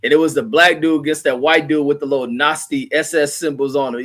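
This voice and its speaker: A man's voice: on the high side, steady tone, fast talker, few pauses, a bit bright. A middle-aged man chatting casually on a livestream from home. He rambles in a loose, profane way, reading viewer comments aloud and riffing on them. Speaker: livestream host reading chat.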